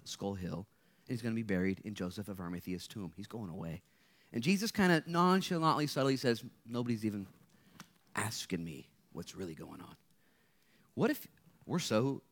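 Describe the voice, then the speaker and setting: Playful and energetic, a male guest speaker preaches a lively sermon to students at a live gathering. His lowish voice jumps from loud bursts to hushed asides.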